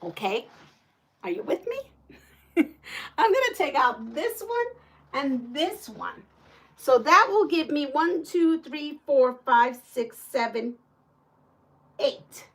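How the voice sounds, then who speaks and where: A woman chatting live to her viewers in a high, bright voice. She talks at an easy, unhurried pace, counting things out loud and laughing readily. Now and then she breaks into short Spanish exclamations. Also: sing-song. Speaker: livestream host. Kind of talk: casual livestream chat.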